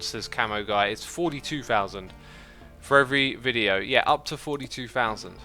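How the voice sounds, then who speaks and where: A man hosts a gaming livestream, answering chat in a loose, rambling way full of fillers and restarts. His voice is bright and forceful at a medium pitch. Faint music plays behind him. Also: moderate pace. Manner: thinks aloud with many fillers and restarts.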